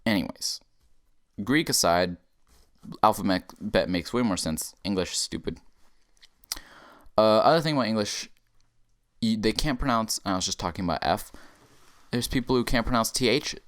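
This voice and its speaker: Low-pitched young man, lively swooping delivery, profane comedic rant, podcast host. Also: moderate pace, long pauses. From Texas. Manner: profane, animated ranting with sudden pitch jumps.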